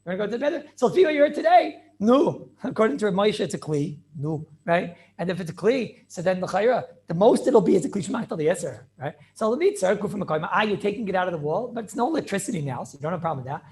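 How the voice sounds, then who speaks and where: Animated rabbi on a video call. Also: male voice, sits high, quick pace, few pauses. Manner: animated, questioning, Yiddish and Hebrew terms in English. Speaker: rabbi teaching a Torah class. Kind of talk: lively online Torah class.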